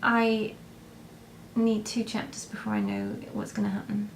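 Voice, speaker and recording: A woman's voice: medium pitch, very animated, a little slow, a little hiss or hum. A young woman vlogger answering viewer questions in a casual, rambling way, with lots of hesitations and restarts. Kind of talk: casual chat to camera.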